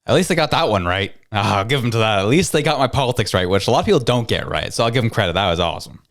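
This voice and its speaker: A man's voice: lowish voice, animated, very fast, fairly bright tone. A man hosting a podcast, reacting to a clip in casual, incredulous commentary and laughing often. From Canada. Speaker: podcast host.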